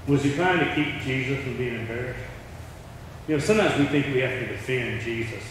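Preacher in an echoey hall. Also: male voice, medium pitch, expressive, brisk, a bit bright, a little hiss or hum. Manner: storytelling, acting out quoted voices. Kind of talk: sermon. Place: large church hall. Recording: distant mic in echoey hall.

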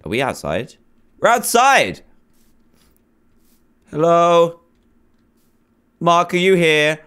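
A man commenting nervously as he plays a horror game, pleading and reacting loudly to scares. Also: fairly high pitch, huge pitch swings, very slow, smooth. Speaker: gamer.

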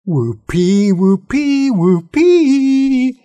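A man voicing a gang of giddy, excited young dragons in a storybook reading. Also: a little high, takes it slowly, breathy edge, dry recording, pitched above the performer's own voice, full character voice. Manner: excited, shouting.

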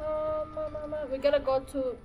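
A young woman hosts a gaming channel and gives casual let's-play commentary. Her voice is high with a flat delivery at normal speed, and the highs are cut off. She's chatty and scattered, full of fillers and exclamations, with faint game music behind her.

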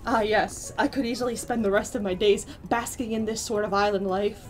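A woman's voice: mid-range voice, fairly even intonation, a little fast, faint music behind, close to an everyday voice. A woman reading aloud the lines of a snooty grown female ostrich villager, prim and dramatic, calling people darling. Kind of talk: reading game dialogue aloud.

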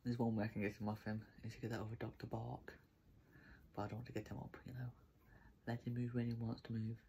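A man's voice: medium pitch, fast talker, vocal fry, slight background noise. A man, a vlogger, chatting casually and affectionately while petting his dog. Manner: relaxed, rambling, affectionate talk to his dog.

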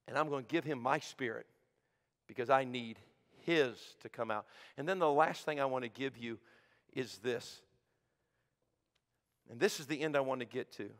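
A man preaching a sermon as pastor, swinging from shouted peaks to hushed low asides. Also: normal speed. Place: church sanctuary. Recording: sanctuary with long reverb.

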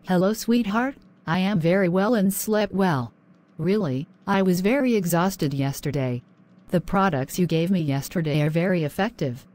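A woman voicing an affectionate young newlywed wife in a cartoon, speaking gently. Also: on the low side, moderate pace, lightly acted. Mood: loving.

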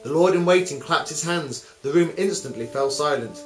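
Male music teacher narrating a tale, mid pitch, echoey room with music behind. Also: moderate pace. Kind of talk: storytelling over music.

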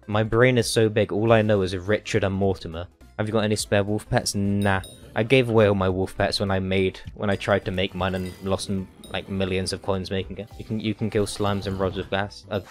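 A man in a slightly low voice, talking casually to his chat as he plays. He jokes and whines in an over-the-top, mock-dramatic way. Faint music plays behind him. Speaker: game streamer. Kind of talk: casual live-stream chat while gaming.

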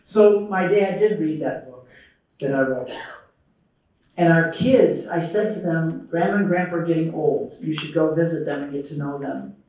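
Speaking at a normal speed in a fairly high pitch, a middle-aged conference speaker tells animated stories, acts out quotes, and fields questions from the audience. He's captured from far off in a large, echoey conference hall.

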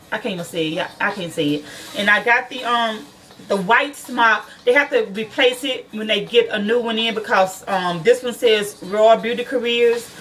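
A woman's voice: a little high, a bit bright, recorded from a distance. A woman who is a nail school student chats casually to her viewers from her car, swearing freely and calling them y'all.

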